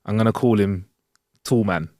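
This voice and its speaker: Casual podcast talk from a man with a lowish, relaxed voice. His delivery is lively, full of swearing, and he acts out the people in his tale. The sound is close and dry. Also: normal speed, no echo. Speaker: podcast co-host. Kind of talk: casual storytelling chat.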